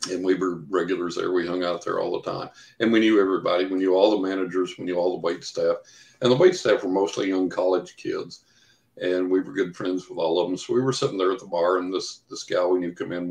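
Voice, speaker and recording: A psychic investigator being interviewed, this older man talks fairly quickly in a low, creaky voice with a steady tone. His long anecdotes are full of fillers and performed quotes, captured in an echoey room.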